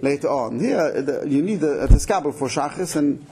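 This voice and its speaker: A man giving a Torah lesson on prayer law, explaining quickly and animatedly, with many Hebrew and Yiddish terms mixed into his English. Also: fairly high pitch, lively intonation, warm tone. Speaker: Torah teacher. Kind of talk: halacha class.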